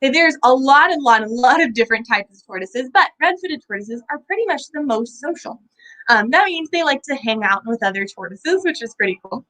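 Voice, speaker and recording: A young woman hosts a children's lesson about animals, her voice high and swinging up and down in a lively, sing-song way. She keeps asking young viewers questions and leads them in playful sound effects. Her voice is a touch hoarse. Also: fairly quick, low-quality recording. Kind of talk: live kids' lesson with animals.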